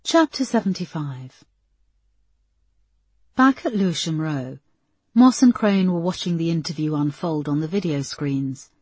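A woman narrating an audiobook in a measured, even storytelling manner. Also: sits low, slightly rough, no room sound. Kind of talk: scripted narration.

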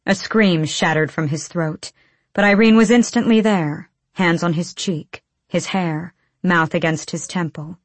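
A woman narrating a fantasy audiobook in a measured, low-key storytelling manner. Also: steady tone, no echo.

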